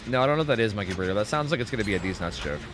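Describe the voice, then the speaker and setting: A young man streaming gameplay, swearing a lot and swinging between shocked yells and low mumbled asides. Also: lively intonation, racing, noisy background. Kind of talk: live gameplay commentary. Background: game music.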